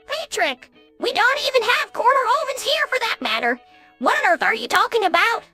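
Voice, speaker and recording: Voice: very high-pitched, sing-song, fairly quick, bright, forceful tone, soft background music, heavily acted. A synthetic female voice imitating a sensible, reasonable cartoon squirrel. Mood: coaxing. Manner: reasonable, coaxing.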